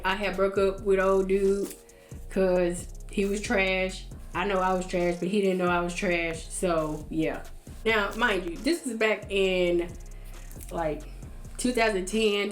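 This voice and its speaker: A woman's voice: mid-range voice, reverberant. A young woman casually telling a personal story to her viewers, blunt and profane, acting out what others said.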